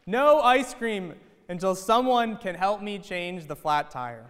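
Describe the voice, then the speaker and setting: A man voicing an exasperated ice cream truck driver who shouts his demand. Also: sits high, expressive, takes it slowly, clear, resonant tone, exaggerated voice. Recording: echoey church hall.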